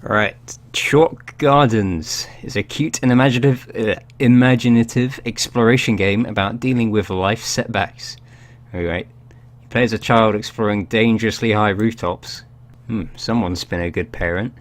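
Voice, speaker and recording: A man's voice: fairly low pitch, normal speed. A man casually commenting while playing video games, joking and rambling with self-mocking asides. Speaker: let's play host.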